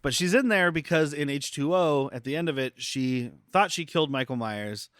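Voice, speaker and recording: A man's voice: fairly high pitch, normal speed, smooth, no echo, studio quality. A man co-hosting a podcast, casually and wryly recapping a film's plot with his friends. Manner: relaxed, wry recapping of a film plot. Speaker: podcast co-host. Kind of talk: casual chat.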